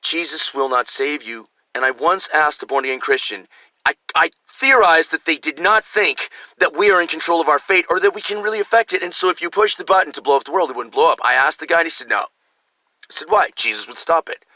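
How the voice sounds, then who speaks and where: An older man rants in a very bright, piercing voice that sits a little high. He talks in a profane, rambling way. The mic sound is dry and close. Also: fairly quick, dry recording. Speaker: vlogger. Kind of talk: ranting monologue.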